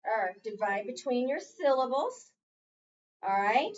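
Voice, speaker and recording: At a normal speed and in a voice a little on the high side, a reading teacher works one-on-one with a child on phonics in a school classroom. She stays patient and stretches out her prompts, and the recording sounds dull, lo-fi and distant.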